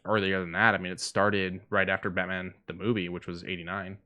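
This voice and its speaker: A man's voice: low-pitched, little pitch movement, brisk, bright, forceful tone. A man co-hosting a podcast, telling stories and running down news in casual chat with fillers. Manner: storytelling, news rundown with fillers. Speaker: podcast co-host.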